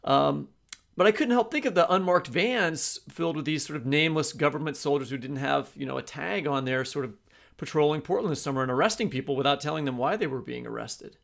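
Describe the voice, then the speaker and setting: A man's voice: on the high side, a little fast, vocal fry, fairly bright tone. A man co-hosting a podcast, asking a guest about his book in casual, loosely worded chat. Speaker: podcast co-host.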